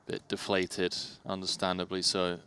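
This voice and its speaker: A man commentating a live poker tournament in a chatty, amused way, quick to react to what happens at the table. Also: sits low, monotone, fairly bright tone, slight background noise.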